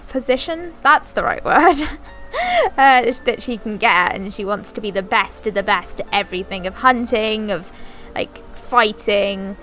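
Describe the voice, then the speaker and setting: A woman's voice: medium pitch, pushed and bright. A young woman giving casual gameplay commentary. She is chatty, rambles with frequent fillers and restarts, and talks directly to the characters in her game. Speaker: gaming video creator.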